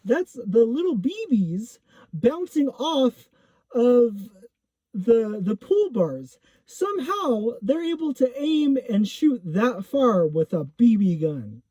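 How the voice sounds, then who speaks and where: A man's voice: extremely high pitch, big pitch swings, takes it slowly, dark tone, no echo. A man casually telling a personal story, rambling with lots of fillers and self-corrections. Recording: dull lo-fi recording.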